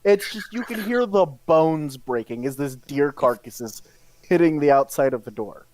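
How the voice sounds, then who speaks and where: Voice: mid-range voice, expressive, moderate pace, a little mellow, no echo. A game master narrating a tabletop game in a casual manner, laughing and using fillers.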